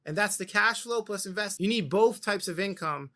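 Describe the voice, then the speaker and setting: A man's voice: high voice, normal speed, bright, forceful tone. A young man hosting a crypto channel, talking straight to the camera in an urgent, emphatic way, repeating his points for stress. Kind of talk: direct-to-camera pitch.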